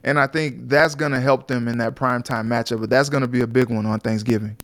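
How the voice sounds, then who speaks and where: A man co-hosting a sports talk show, talking in a relaxed, conversational way with lots of filler phrases. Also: medium pitch, quick pace, no echo. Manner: relaxed and conversational, frequent "you know" fillers.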